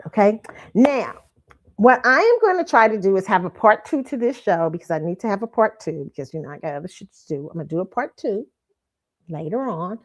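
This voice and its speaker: A woman hosting her own pop-culture commentary stream, talking bluntly with plenty of swearing, frequent laughs and repeated "okay?". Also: mid-range voice. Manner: blunt and profane, laughs often, keeps asking "okay?". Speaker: show host. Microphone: streaming setup mic.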